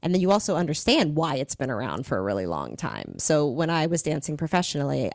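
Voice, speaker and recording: Low-voiced woman explaining dance. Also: vocal fry, a little mellow, no room sound, clean studio sound. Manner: enthusiastic, explains with comparisons. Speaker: dance instructor. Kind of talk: casual conversation.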